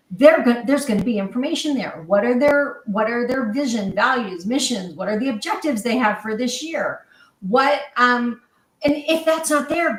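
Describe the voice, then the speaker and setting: A woman hosting a panel discussion on sales, telling stories in an animated, conversational way. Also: a little high, reverberant, distant mic, low-quality recording. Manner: storytelling, animated, quoting others. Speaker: host.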